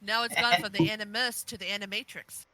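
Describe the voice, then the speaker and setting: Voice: mid-range voice, steady tone, a little fast, crowd noise. A podcast guest in a casual review chat who cracks jokes in a dry, wisecracking way.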